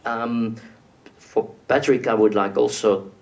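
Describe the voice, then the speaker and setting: Hesitant gravelly male panel moderator. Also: medium pitch, steady tone, slow, darkish tone, distant mic. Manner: hesitant, many fillers. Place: stage at an awards event.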